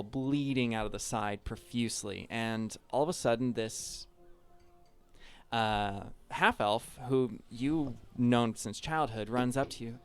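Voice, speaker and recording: A man running a tabletop role-playing game as game master, narrating scenes in a loose, casual way. He fills his sentences with ums and likes. His voice is smooth and clear, at a middle pitch.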